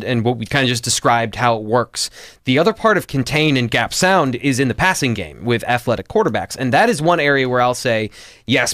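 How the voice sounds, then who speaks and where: A man's voice: mid-range voice, a bit bright, no echo, studio quality. A man co-hosting a sports talk show, breaking down football tactics in casual chat with frequent restarts. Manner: analytical, frequent restarts and fillers. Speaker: football analyst co-host.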